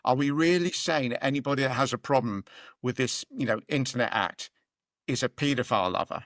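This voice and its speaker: A man's voice: medium pitch, fairly quick, a bit bright, dry recording, studio quality. A British man co-hosting a podcast, chatting casually about politics in a rambling way with fillers and restarts. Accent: British English. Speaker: podcast co-host.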